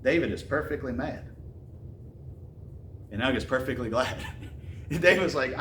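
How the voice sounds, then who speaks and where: A man's voice: medium pitch, animated, unhurried, pauses often, fairly bright tone, slight background noise. A man preaching a sermon, reading scripture aloud and then retelling it in casual slang with bursts of laughter. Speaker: pastor. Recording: roomy echo, mic at a distance, faint ambience.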